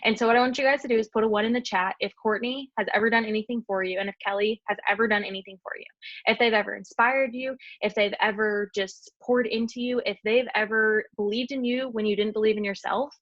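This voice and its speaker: A woman's voice: a little high, steady tone, a bit bright, no room sound. Young woman, heartfelt team pep talk, rambling and earnest, dry slightly muffled call mic. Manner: fast, heartfelt, filler-heavy with frequent "like". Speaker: team leader speaking on a group call. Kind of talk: emotional motivational testimony.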